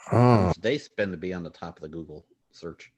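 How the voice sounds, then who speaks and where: Brief: very low male voice making dry asides, with chatter from others behind him. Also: a little fast. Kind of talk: casual chat.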